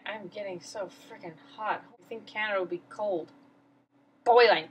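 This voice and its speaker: A woman's voice: medium pitch, normal speed, slight background noise, rough recording. A teenage girl vlogging, telling a story in a rambling, flustered, self-mocking way. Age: teens. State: emotional. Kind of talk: casual storytelling vlog.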